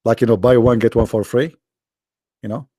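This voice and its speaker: A man's voice: mid-range voice, steady tone, moderate pace, mellow, no echo, clean studio sound. A man hosting a live call-in debate in a mocking, sarcastic way, his voice worn out from talking for hours. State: tired, worn-out voice.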